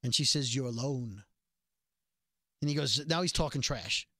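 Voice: mid-range voice, a little fast, slightly rough, no room sound, clean studio sound. A podcast co-host giving a casual, sarcastic recap of a TV episode, acting out the characters' lines as they go. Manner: sarcastic, animated retelling of scenes.

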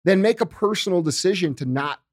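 A man's voice: high-pitched, lively intonation, a little fast, no echo, studio quality. A middle-aged man hosting a casual political chat, loose and profane, calling people dude and bro.

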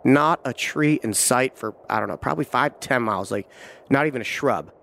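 A hunting guide telling a tense first-person story, vivid and halting, with frequent restarts. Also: male voice, medium pitch, creaky, fairly bright tone.

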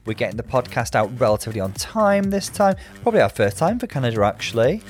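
A man co-hosting a podcast in casual chat, teasing and chatty, quick to laugh. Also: medium pitch, very animated, faint music behind. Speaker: podcast co-host.

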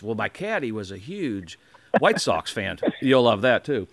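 A podcast host from the American Midwest tells a long story in casual chat, animatedly acting out other people's lines and restarting often. His mid-range voice moves at a moderate pace, with no room sound.

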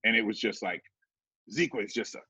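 A middle-aged man tells a story casually, swearing freely and jumping into raised voices when he acts out what others said. His voice is husky and sits close and dry. The recording has a dull, lo-fi sound. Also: lowish voice, normal speed, pushed and bright, no room sound. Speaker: guest telling a story. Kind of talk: casual storytelling with acted quotes.

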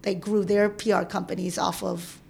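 A woman in her thirties telling a personal story in casual chat, animated, acting out the voices of people she quotes. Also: on the low side, moderate pace, creaky. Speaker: interview guest. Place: San Francisco.

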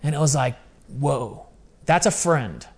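A man's voice: medium pitch, animated, a little slow, breathy edge. A man talking as an interview guest, telling personal stories in an emphatic, casual, slang-heavy way. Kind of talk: candid personal storytelling.

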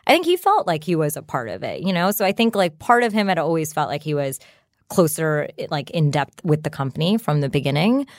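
Big pitch swings mark this low-voiced woman's speech as she talks a little fast in a clean, echo-free studio recording. She's a startup founder in her thirties appearing as a guest in a relaxed interview, chatty and peppering her talk with "like" and "you know."

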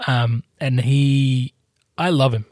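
A man's voice: medium pitch, fairly even intonation, takes it slowly, darkish tone, dry recording, clean studio sound. A man chatting casually about films and actors, hesitant and full of small fillers. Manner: hesitant, many fillers, trivia-minded. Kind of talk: casual film chat.

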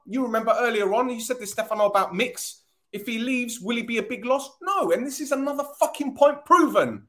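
A man's voice: very high voice, a bit bright. A man hosting a football fan podcast, ranting angrily, swearing often and repeating himself.

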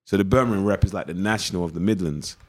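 East london guy, kinda low voice, chatty storyteller doing the voices of people he talks about. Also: rapid-fire. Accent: East London English. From East London, England. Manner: animated storyteller acting out past conversations. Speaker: actor guest. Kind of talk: interview storytelling.

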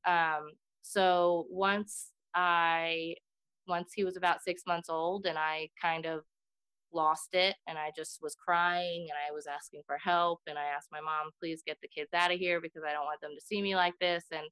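A woman's voice: on the low side, level tone, normal speed, a bit bright, clear, resonant tone, dry recording. A woman in her thirties speaking earnestly and reflectively as a guest in an interview chat. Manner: earnest and reflective, laughs easily. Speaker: podcast guest.

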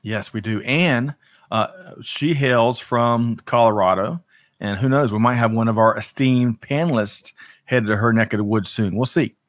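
A male host greets viewers by name, upbeat and chatty, often tripping over his words. His voice sits at a middle pitch. The sound is dry, with no room echo. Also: moderate pace. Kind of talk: livestream talk show.

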